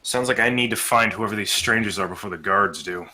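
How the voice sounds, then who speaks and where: A man plays his character at a tabletop game, hesitant and chatty between polite in-character lines. His voice sits fairly low but sounds bright and forward. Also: a little fast. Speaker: player.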